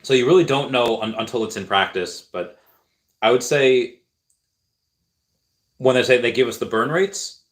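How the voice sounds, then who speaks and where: A man's voice: medium pitch, moderate pace, long pauses. A man streaming live, answering viewer chat questions in a casual, rambling way with lots of fillers and restarts.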